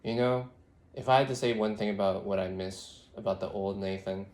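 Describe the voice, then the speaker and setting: Speaking briskly in a lowish, steady, slightly mellow voice, this young male vlogger sounds congested and throaty. He rambles reflectively into his phone, musing in a meandering way packed with fillers, first lying on his side and then standing up.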